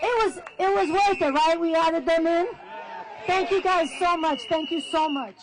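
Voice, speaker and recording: A woman's voice: very high-pitched, moderate pace. A woman emceeing a protest rally, thanking performers and leading chants. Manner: upbeat, cheering the crowd on. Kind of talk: stage announcements and chants. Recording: loud crowd and outdoor noise.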